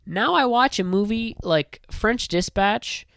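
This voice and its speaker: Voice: medium pitch, expressive, slow pace, vocal fry, a bit bright, clear, resonant tone, dry recording. A film commentator giving casual spoken opinions in a rambling, loose way, full of fillers.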